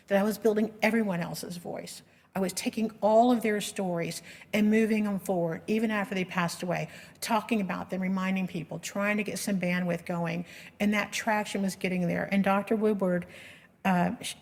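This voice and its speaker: A middle-aged woman telling her story as a patient advocate in an earnest, emotional way, with frequent restarts. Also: medium pitch. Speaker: patient advocate giving a presentation. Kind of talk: personal storytelling presentation. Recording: long reverb of a lecture hall.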